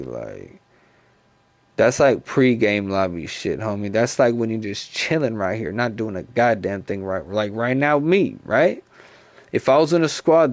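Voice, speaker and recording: A man's voice: lowish voice, vocal fry, a little mellow, no echo. A man in his thirties, a gaming streamer, ranting casually in profane, slangy talk full of repeated fillers, into a headset mic. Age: 30s. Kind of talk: casual rambling rant.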